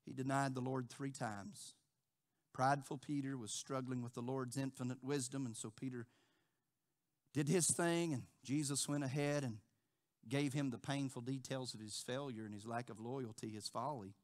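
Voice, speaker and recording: A male pastor preaching a sermon, repeating phrases and acting out quotes with big swings from quiet to loud. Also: mid-range voice, steady tone, moderate pace. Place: church sanctuary.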